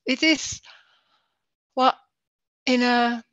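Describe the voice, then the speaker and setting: A woman hosting a spiritual talk on a video call, searching haltingly for words with many restarts. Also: a little high, fairly even intonation, a bit bright, no room sound, dull audio. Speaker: non-duality talk host. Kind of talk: casual spiritual conversation over video call.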